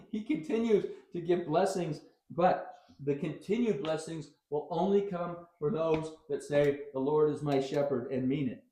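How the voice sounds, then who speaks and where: A man's voice: on the high side, unhurried, warm tone, reverberant, poor audio. A male pastor preaching a sermon in a conversational style, with wry asides and sudden bursts of emphasis.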